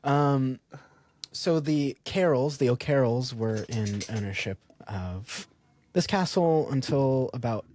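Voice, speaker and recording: On a podcast he co-hosts, this man casually relates a castle's history, animated and laughing frequently, with "um" and similar fillers. He has a medium pitch and speaks slowly, with a little hiss or hum audible.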